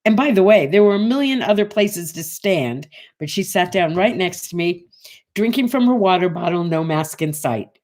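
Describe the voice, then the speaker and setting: A woman's voice: lowish voice, normal speed. A woman in her sixties hosting a morning show, telling a casual story and acting out the voices of the people in it. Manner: animated, acts out voices in her anecdotes.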